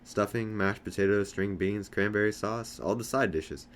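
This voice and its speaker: A man's voice: fairly low pitch, moderate pace, slight background noise, natural voice. A man reading the part of an easygoing, chatty teenage big brother in a novel.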